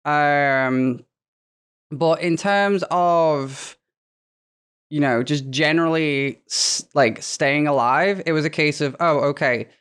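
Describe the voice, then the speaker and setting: A woman's voice: low voice, slow pace, clean tone. A woman, a podcast guest telling gaming stories in casual chat, swearing freely and acting out quotes. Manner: animated storyteller, swears freely, acts out quotes.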